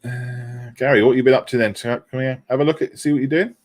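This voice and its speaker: A man's voice: mid-range voice, fairly even intonation, a little fast. A man hosting a casual model-making livestream, chatting, laughing and reading out viewer comments. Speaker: livestream host.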